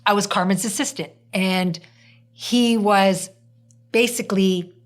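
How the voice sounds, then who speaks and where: A woman hosts a casual podcast conversation in a mid-range voice. She tells her story in a lively, animated way, slipping into the voices of the people she quotes. Her delivery is chatty and natural. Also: mid-range voice, measured pace. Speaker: podcast host.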